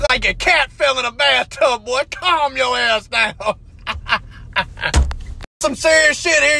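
A middle-aged man, telling a crude comic story in a loud, drawling rant from inside a vehicle. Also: very high voice. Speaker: comedian. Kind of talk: comedic rant to camera.

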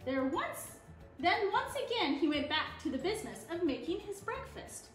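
Animated woman reading a picture book. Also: extremely high pitch, normal speed, roomy sound, soft background music. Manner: expressive, animated read-aloud. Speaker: storyteller.

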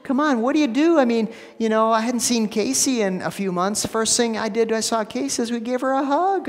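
A man's voice: very high voice, normal speed, hardly any pauses, long reverb tail. A man preaching a sermon as pastor, casual and conversational, with repeated words and asides. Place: church sanctuary.

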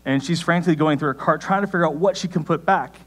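A young adult man preaching a sermon, telling a personal story in a conversational way, with sudden rises in pitch. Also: fast, fairly bright tone. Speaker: pastor.

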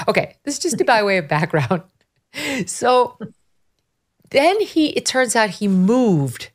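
Woman, podcast host, animated storytelling, mid pitch, casual commentary. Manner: animated storytelling, quick asides.

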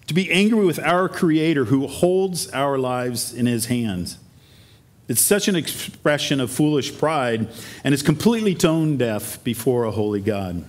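Man preaching an earnest sermon. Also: mid-range voice. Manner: earnest preaching, rhetorical questions to the congregation. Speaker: pastor. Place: church sanctuary.

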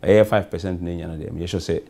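Ghanaian man, low and gravelly. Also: fairly even intonation, quick pace, warm tone. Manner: rambling, repetitive, loose answers. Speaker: member of parliament, guest. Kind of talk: talk show interview, mixing English and Twi.

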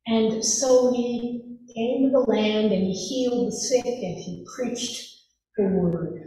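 A woman pastor giving a sermon, telling the story gently and softening to a hush on quoted words. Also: on the high side, slow, slight background noise. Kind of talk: sermon retelling a gospel story. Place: church sanctuary. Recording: echoey church hall from far off.

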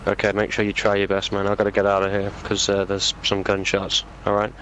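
A British man playing a police officer in a game role-play, relaxed and informal with hesitant fillers. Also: fairly low pitch, brisk, a little hiss or hum, poor audio. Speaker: player acting as a police officer.

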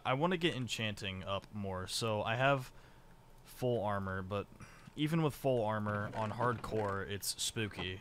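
A young man with a mid-pitched voice talks through a live game stream, wandering between topics as he plays. He swears freely and jumps into loud, startled yelps whenever something catches him off guard. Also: a little hiss or hum. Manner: rambling, profane, quick to shout in surprise. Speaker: gaming streamer. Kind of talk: live gameplay commentary.

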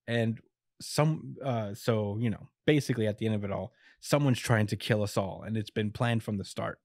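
Recapping a comic chapter as a podcast co-host, a young man keeps things casual, chuckling frequently and voicing quotes in short bits. His pitch is fairly low and his tone darkish. It's a dry, clean studio recording made on a podcast mic.

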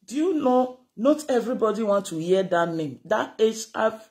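Here a speaker with a Nigerian accent scolds animatedly in a casual on-camera rant, code-switching between Pidgin and Yoruba. Their mid-range voice moves at a moderate pace.

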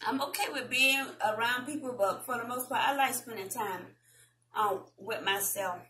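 A woman with a Southern US accent, chatting casually with viewers as a vlogger and reading an article aloud in a slow, deliberate way. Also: a little high, sharp tone, low-quality recording.

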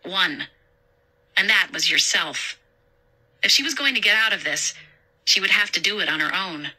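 A woman narrating a horror story in a steady, measured way. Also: mid-range voice, rough recording.

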